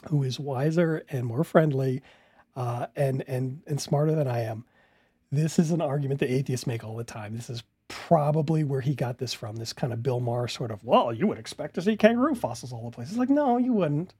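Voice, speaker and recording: A man's voice: medium pitch, lively intonation, moderate pace, mellow, husky, no echo, clean studio sound. A man commenting casually on a video he is watching, interrupting it with incredulous, laughing rebuttals.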